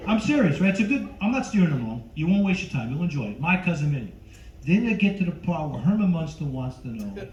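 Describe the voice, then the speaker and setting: An older male comedian works the crowd from a club stage, his pitch bouncing lively as he teases people. The room is echoey and the sound a bit dull, with faint noise behind. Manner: animated, teasing the crowd. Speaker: stand-up comedian. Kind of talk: stand-up comedy set.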